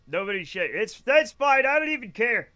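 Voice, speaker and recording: A man's voice: very high-pitched, very animated, moderate pace, sharp tone, clear, resonant tone. A man streaming a space game live, rambling and joking with his chat while he plays. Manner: rambling, jokey, talks to chat while playing. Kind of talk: casual gaming livestream chat.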